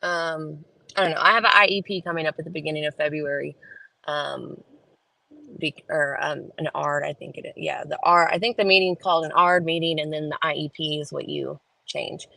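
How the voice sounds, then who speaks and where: A woman's voice: deep voice, fairly even intonation, normal speed, gravelly, sharp tone, dry recording, rough recording. A woman chats casually and rambles with lots of fillers, talking to her viewers from a parked car into her phone. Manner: rambling with many fillers, homey. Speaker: vlogger chatting with live viewers. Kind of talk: casual chat. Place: parked car in a school pickup line. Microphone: phone camera.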